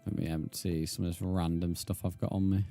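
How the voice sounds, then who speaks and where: A young man with a British accent chats easily through a live game stream, his voice sitting fairly low. He answers viewers one by one in a casual, matter-of-fact way. Soft game music plays faintly behind him. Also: a little fast. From Britain. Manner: relaxed, reads chat aloud and answers viewers, says "mate". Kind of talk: casual live-stream chat while gaming.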